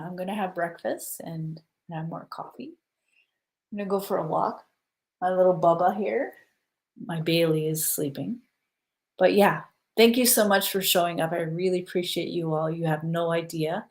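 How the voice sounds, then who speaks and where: A woman hosting a casual spiritual stream, guiding listeners through breathing and giving gentle advice, often checking in with "okay?". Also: lowish voice, fairly even intonation, moderate pace. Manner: soothing, repeats "okay?" to check in. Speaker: spiritual live-stream host. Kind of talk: casual guided spiritual talk.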